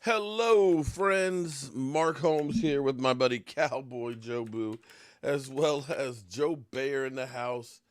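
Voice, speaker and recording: A man hosting a casual sports talk show, ranting and joking in an animated way while eating pie, swinging between low mutters and loud outbursts. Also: slow, dry recording.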